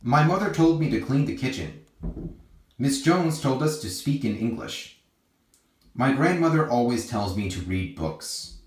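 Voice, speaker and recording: Lively-pitched man reading practice sentences. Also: roomy sound. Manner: slow, clear, deliberate sentence reading. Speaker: English teacher.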